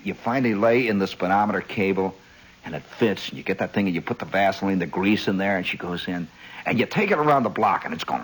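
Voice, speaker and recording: A man's voice: low voice, breathy edge, low-quality recording. A man telling a rambling story on a radio monologue, acting out scenes with little sound effects.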